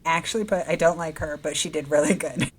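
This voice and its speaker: A woman's voice: low-pitched, steady tone, fairly quick, breathy edge. A woman co-hosting a podcast, chatting casually and bluntly, gossiping with frequent laughs. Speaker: podcast co-host. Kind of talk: casual chat.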